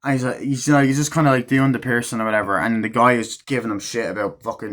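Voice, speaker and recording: A man's voice: mid-range voice, fairly even intonation, fast, hardly any pauses, fairly bright tone. A man giving a casual, rambling movie review at home, full of swearing and fillers. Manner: rambling, profane, filler-heavy retelling.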